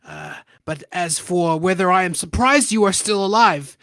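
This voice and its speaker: A man voicing a calm old male mystic who speaks in a measured, gently knowing way. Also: high voice, dry recording, clean studio sound. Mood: serene.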